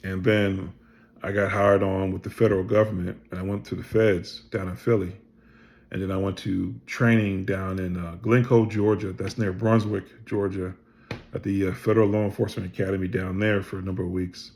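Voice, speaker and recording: Middle-aged male storyteller, low and gravelly, casual and animated, acts out quoted dialogue. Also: moderate pace. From Pennsylvania. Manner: animated storyteller who acts out other people's lines, swears freely. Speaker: vlogger telling his life story.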